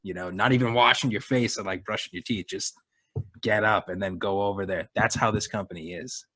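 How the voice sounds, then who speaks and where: A man's voice: lowish voice, fairly quick, pushed and bright, no echo. A middle-aged man with a Boston accent, telling profane, sarcastic stories in casual chat. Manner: profane, ranting, sarcastic storytelling.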